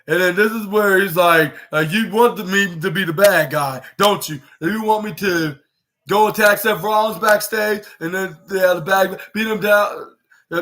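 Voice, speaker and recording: A man's voice: high voice, fairly bright tone. A young man hosting a podcast, recapping a wrestling show in a rambling way and acting out the quoted lines. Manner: rambling, many restarts, acts out quoted lines. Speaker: podcast host.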